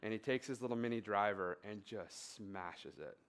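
A man in a mid-pitched voice giving a conversational sermon, telling a personal story with fillers and building emphatic repetitions. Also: moderate pace, smooth. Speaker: pastor.

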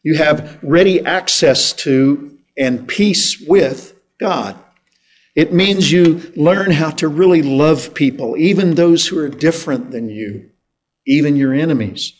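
Slow, deliberate male preacher. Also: on the high side. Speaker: pastor. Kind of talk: sermon.

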